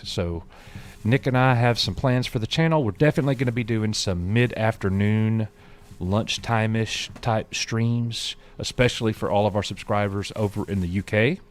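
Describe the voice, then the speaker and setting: A man co-hosting a casual live stream, chatting loosely and reading viewer messages aloud. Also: on the low side. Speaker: show co-host.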